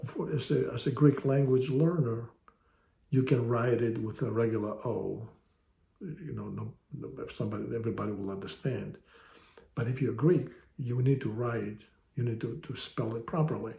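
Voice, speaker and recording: A man's voice: mid-range voice, moderate pace, creaky, mellow. A man giving a casual online language lesson, explaining patiently with wry, joking asides. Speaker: language teacher. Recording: echoey room.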